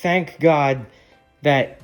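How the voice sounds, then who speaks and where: A young man talks straight to his audience in a loose, rambling way, with the odd swear word thrown in. His voice sits a little high for a man. Faint music plays in the background. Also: drawn-out words. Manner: rambling, candid, swears freely. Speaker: YouTuber. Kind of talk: casual chat.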